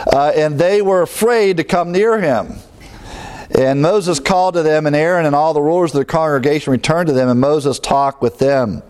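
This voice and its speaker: A man preaching an expository sermon, talking to the congregation in a conversational way and swelling louder on key words. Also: fairly high pitch, moderate pace, clean tone. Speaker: pastor.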